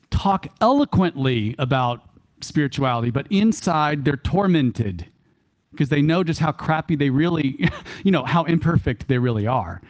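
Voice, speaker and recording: Animated male workshop speaker with a Texan accent. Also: on the high side. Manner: animated, repeats key phrases for emphasis; chuckles often, folksy asides. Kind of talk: church workshop talk. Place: church hall.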